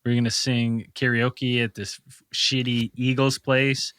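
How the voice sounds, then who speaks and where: A man's voice: medium pitch, level tone, unhurried, fairly bright tone, clean tone, no room sound. A man co-hosting a podcast, telling a rambling, profane anecdote with frequent laughs in casual chat. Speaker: podcast co-host.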